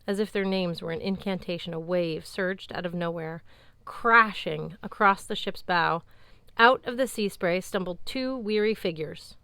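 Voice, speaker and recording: A woman narrating an audiobook in a measured, even tone, recorded close on a studio mic. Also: lowish voice, clear, resonant tone, no room sound. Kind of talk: scripted narration.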